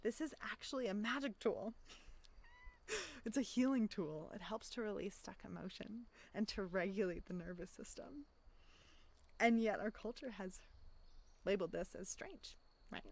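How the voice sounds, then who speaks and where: Reflective woman coach, audible deep breaths. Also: animated, normal speed, vocal fry, long pauses. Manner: reflective, often asks "right?" and takes audible deep breaths; acts out inner voices in quotes. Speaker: life coach. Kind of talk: casual self-help monologue.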